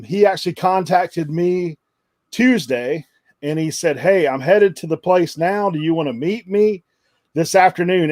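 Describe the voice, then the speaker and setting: A man's voice: on the high side, darkish tone, no room sound. A middle-aged man, a guest, telling a story in a chatty way and laughing through it. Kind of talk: casual storytelling.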